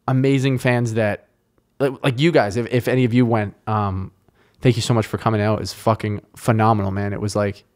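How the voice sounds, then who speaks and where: A Canadian man hosting a podcast in casual chat, rambling and excitable, with heavy swearing. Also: mid-range voice. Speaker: podcast host.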